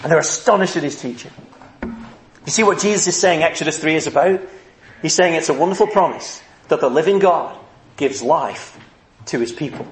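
A man's voice: fairly high pitch, moderate pace, slight background noise. A man preaching a sermon, earnest and emphatic, acting out the people he quotes. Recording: echoey room.

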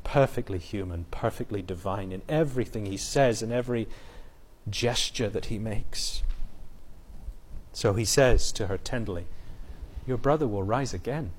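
A man preaching an expository sermon, earnest, building emphasis and quoting scripture in a softer voice. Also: lowish voice, moderate pace.

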